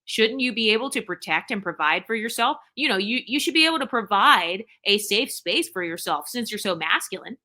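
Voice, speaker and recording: A woman's voice: on the high side, expressive, a little fast, hardly any pauses, bright, forceful tone. A woman hosting her channel, delivering a sarcastic, ranting opinion monologue straight to her viewers. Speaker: channel host.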